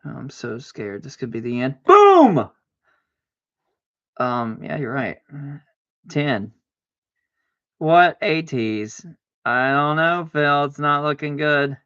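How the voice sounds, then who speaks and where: A man streaming a card game, chatting casually to himself, arguing back and forth aloud with sudden excited exclamations. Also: medium pitch, takes it slowly, clean tone, no echo, highs cut off. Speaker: livestreamer playing solitaire. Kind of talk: casual self-talk while gaming.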